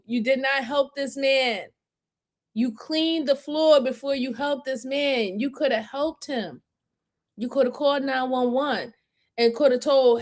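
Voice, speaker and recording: A woman's voice: high voice, normal speed. A woman hosting a live stream, commenting on an interrogation video in an emphatic, repetitive, scolding way. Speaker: host reacting to an interrogation video.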